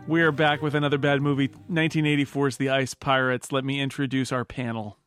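A man's voice: mid-range voice, flat delivery, a little fast, a bit bright, clear, resonant tone, no room sound, soft background music. A man hosting a casual podcast chat, introducing his panel and laughing often. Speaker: podcast host.

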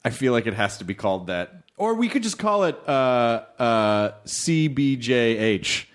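Lively joking male podcast host. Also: mid-range voice, measured pace. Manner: playful, joking, laughs often. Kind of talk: casual conversation.

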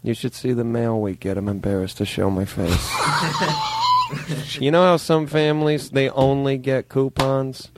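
A man voicing a pet dog who grumbles in a low, deadpan way about how his owners dress. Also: very noisy. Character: fussy male pet dog, judging his owners' clothes.

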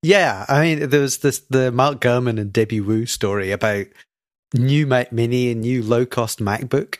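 A man's voice: mid-range voice, moderate pace, no echo. Dry-witted Scottish man, close and dry. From Scotland. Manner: dry, wry teasing delivery. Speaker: podcast co-host. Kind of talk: casual chat.

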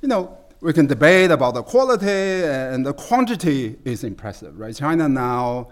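A man as guest expert, explaining at length in a conversational interview, halting with many fillers and restarts. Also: fairly high pitch, sing-song.

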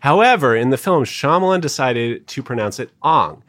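A man hosting a casual podcast discussion, walking his co-hosts through the story with steady, informative narration and dry asides. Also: mid-range voice, brisk. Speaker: podcast host presenting the research.

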